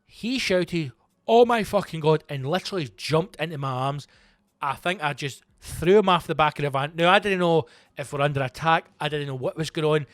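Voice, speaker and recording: A man, a comedian hosting his own show, telling a story in a profane, animated, self-mocking way and acting out the quotes. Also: on the high side, brisk, no echo, clean studio sound. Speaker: comedian host. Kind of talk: comic storytelling monologue.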